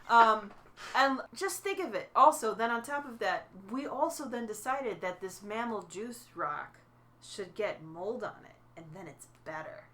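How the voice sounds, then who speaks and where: Bright, animated woman on a podcast. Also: a little high, unhurried, slight background noise. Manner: animated, wanders off on playful tangents. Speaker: podcast co-host. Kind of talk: casual podcast chat.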